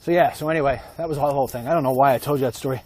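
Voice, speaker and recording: A man's voice: medium pitch, very fast, darkish tone. Rambling sarcastic man on a night walk. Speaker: host. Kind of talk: comedic walk-and-talk monologue. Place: outdoors at night, walking.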